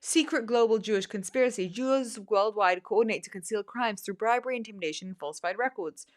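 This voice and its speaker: A woman's voice: medium pitch, fast. A woman hosting casual political commentary, sarcastic with mocking asides, reading excerpts aloud. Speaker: host.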